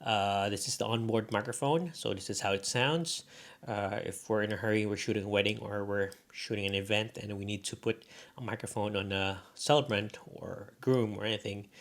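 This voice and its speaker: A man's voice: on the low side, steady tone, a little fast. A man with a Filipino Bisaya accent, rambling casually as he tests microphones in a room for a vlog. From Philippines. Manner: rambling, unscripted, lots of fillers. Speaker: vlogger. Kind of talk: casual gear-testing vlog. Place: indoor room. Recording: echoey room, mic changes.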